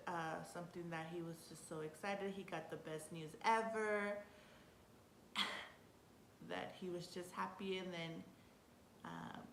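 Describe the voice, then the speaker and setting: A young woman telling a personal story in a casual vlog, chatty and excitable, often laughing and restarting her sentences. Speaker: vlogger. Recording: roomy with faint rumble.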